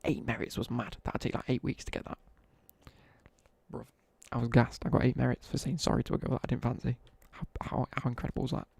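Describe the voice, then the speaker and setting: This young live streamer, Midlands-accented, talks quickly in a medium-pitched, steady voice that is gravelly, husky and darkish. Chatting casually to viewers while he games, he rambles through slangy school stories, and there is no room sound.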